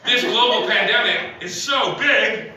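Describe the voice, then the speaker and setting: A man from Ottawa doing a stand-up comedy set in a comedy club, rambling through deadpan jokes with lots of fillers and chuckles. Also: sits high, a little slow. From Ottawa, Canada. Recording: echoey club heard from a distance.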